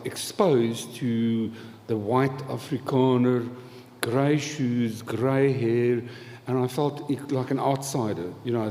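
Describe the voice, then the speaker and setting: Speaking in a mid-range, dark-toned voice, a man on a live festival panel rambles through a humorous story about his past, laughing often and using dry humour in a chatty way. The audio has the reverb of a live festival event hall and faint noise.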